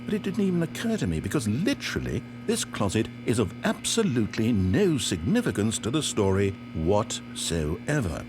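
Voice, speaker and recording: A man's voice: on the low side, huge pitch swings, normal speed, few pauses, noisy background. An actor playing a wry, theatrical male narrator in a video game, speaking in an articulate way. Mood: baffled exasperation.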